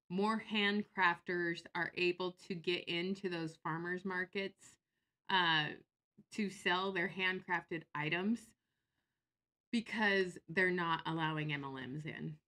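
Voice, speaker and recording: A woman chatting on a casual livestream, sarcastic and quick to laugh as she reacts to viewers. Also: lowish voice, bright, forceful tone.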